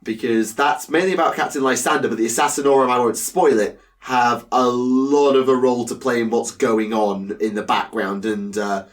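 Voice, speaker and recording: A man co-hosting a casual hobby podcast, chatty and quick to laugh, with many fillers. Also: medium pitch, steady tone, recorded from a distance. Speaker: podcast co-host.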